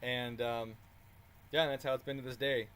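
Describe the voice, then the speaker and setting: A man telling a story in a casual, animated way while working on a car, swearing freely and chuckling as he talks. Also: medium pitch, normal speed, a little hiss or hum. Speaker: car tuning channel host.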